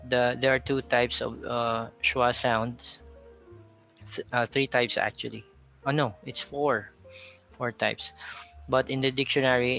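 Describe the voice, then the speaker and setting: This Filipino man, speaking with a Filipino accent, teaches an English pronunciation lesson, repeating example words as he explains them. His medium-pitched voice has a fairly bright tone, though the highs are cut off.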